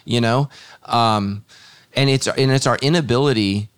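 A man's voice: mid-range voice, measured pace, smooth, dry recording, clean studio sound. A man, a pastor hosting a podcast, talking in a thoughtful, earnest way with many fillers and restarts. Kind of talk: casual podcast conversation.

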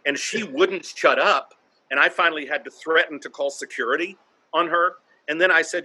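A man's voice: a little high, normal speed, pushed and bright, slightly rough. A man who does stand-up comedy, telling blunt stories from the stage and swearing freely in a casual interview. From North Carolina, US.

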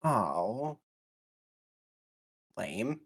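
A man's voice: on the low side, very animated, very slow, a bit bright, husky. A man co-hosting a film podcast in casual chat, bantering playfully and exclaiming often. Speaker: podcast co-host.

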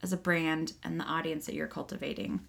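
A woman's voice: low voice, steady tone, brisk, vocal fry, a bit bright. A woman hosting a podcast in a casual chat, laughing often and swearing freely. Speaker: podcast host. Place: child's bedroom, seated on floor.

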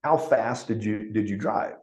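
A man's voice: lowish voice, normal speed, darkish tone. A man, a doctor guest on a podcast interview, explaining things conversationally and chuckling between his points. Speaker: functional medicine doctor, guest.

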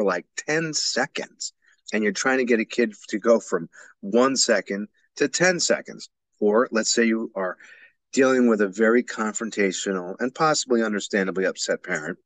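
A man's voice: lowish voice, fairly bright tone, no room sound. A man hosting a solo podcast for educators, explaining ideas in an earnest, emphatic way. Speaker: podcast host.

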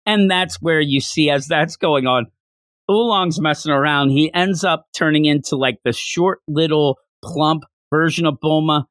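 A man hosting a podcast, recapping a comic-book chapter with animated storytelling. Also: fairly high pitch, measured pace, dry recording, clean studio sound. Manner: animated storytelling, acting out lines. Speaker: podcast host.

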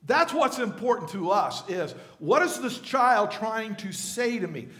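A man's voice: high-pitched, expressive, unhurried, a bit bright, roomy sound. A male pastor giving a conversational sermon to his congregation, often asking them questions. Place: church sanctuary.

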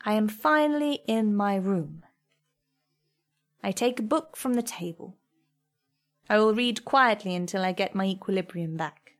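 A woman reading a first-person story aloud in a soft, measured, reflective way. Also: medium pitch. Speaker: narrator.

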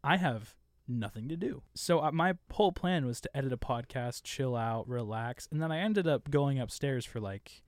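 A young man co-hosting a podcast, telling stories in a chatty, animated way. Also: mid-range voice, normal speed, no echo, clean studio sound. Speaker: podcast co-host. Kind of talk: casual chat.

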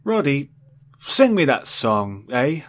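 A man's voice: mid-range voice, big pitch swings, takes it slowly, pitched above the performer's own voice. A man voicing a drunk, weepy middle-aged former space explorer who rambles drowsily with slurred speech. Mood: pleading.

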